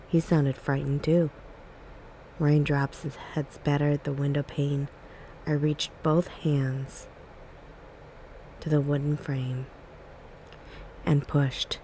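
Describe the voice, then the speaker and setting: This is a woman reading a spooky story in a soft ASMR style. Her voice is mellow and warm, and her pacing is calm and even. A faint background hiss sits under the reading. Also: rumbling low, poor audio. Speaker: ASMR book reader.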